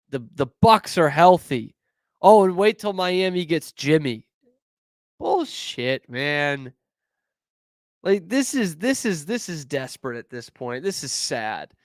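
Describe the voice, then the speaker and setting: Male sports podcast host, smooth voice, dry close sound, animated and profane. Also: on the high side, no room sound. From Boston area. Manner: animated, swearing, quick asides. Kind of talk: casual sports talk.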